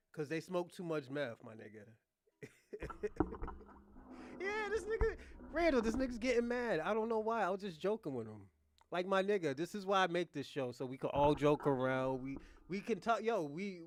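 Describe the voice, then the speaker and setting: High-pitched guy from boston hosting a live show, teasing, laughs a lot, dry sound. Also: dry recording. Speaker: livestream host. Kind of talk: casual live chat.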